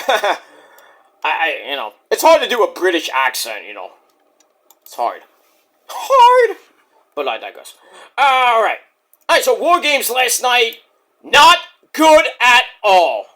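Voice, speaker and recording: A man hosting a casual, profane wrestling review, jokey and animated, who keeps breaking into impressions. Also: sits high. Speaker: wrestling reviewer, channel host.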